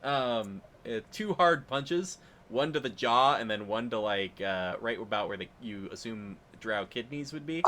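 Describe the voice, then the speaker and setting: A man running a tabletop role-playing game as game master, narrating in a relaxed, rambling way with fillers and chuckles. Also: on the low side, normal speed.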